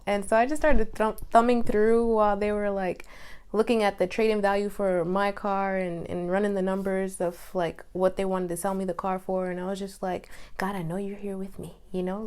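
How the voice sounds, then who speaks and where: A young woman talks straight to her viewers in a loose, chatty story. She fills it with quoted asides and little fillers, sounds animated, and sits at a middle pitch for a woman. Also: a little fast, smooth. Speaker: vlogger. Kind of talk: casual storytelling vlog.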